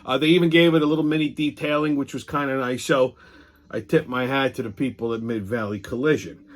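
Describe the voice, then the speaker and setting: A man's voice: mid-range voice, steady tone, fairly quick. A man hosting a show in a casual, rambling monologue, with blunt and profane storytelling. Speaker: host.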